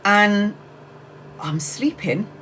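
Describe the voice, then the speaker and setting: A woman's voice: medium pitch, expressive, drawn-out words, fairly bright tone, a little hiss or hum, rough recording. A middle-aged woman hosting a tarot livestream, telling a story to her viewers in a candid, chatty way and swearing casually. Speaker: tarot reader livestream host.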